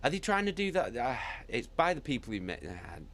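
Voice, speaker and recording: A man's voice: medium pitch, big pitch swings, fairly quick, fairly bright tone. A British man chatting casually with viewers as a streamer, rambling and swearing freely. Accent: British English. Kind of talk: casual chat.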